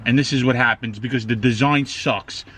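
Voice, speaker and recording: Outdoors on a street beside a car, a man changes his own oil, narrating casually to viewers and cursing in frustration. His voice is mid-range and steady at a normal speed. Cars pass by, making the recording noisy.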